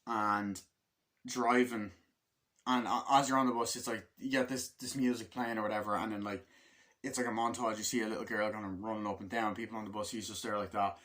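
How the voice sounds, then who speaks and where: A man giving a casual, rambling movie review, acting out scenes in quick voice switches and swearing freely. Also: on the low side, flat delivery, a bit bright. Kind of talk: casual spoken film review.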